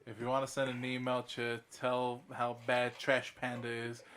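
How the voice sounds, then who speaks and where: Bright-toned man teasing his co-hosts. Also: medium pitch, completely flat delivery, a little hiss or hum. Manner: chiming in with quick teasing remarks. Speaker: podcast co-host. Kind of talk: casual chat.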